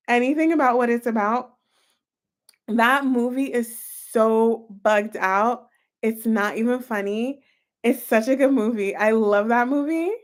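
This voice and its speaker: A woman giving a casual tarot reading, chatty and excitable, talking straight to her viewers. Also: fairly high pitch. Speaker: tarot reader.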